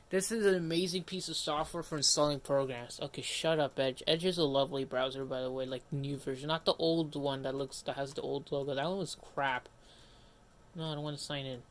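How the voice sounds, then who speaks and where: A man's voice: a little high, moderate pace, creaky, fairly bright tone. Rambling young-sounding male streamer, casual. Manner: rambling, self-interrupting, casually grumbling. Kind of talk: casual livestream commentary.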